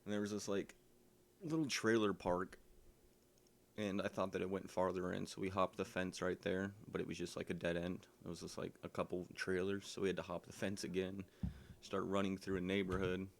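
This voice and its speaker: A man's voice: low-pitched, little pitch movement, normal speed, gravelly, a little hiss or hum. A man casually telling a personal story, rambling with lots of ums and likes.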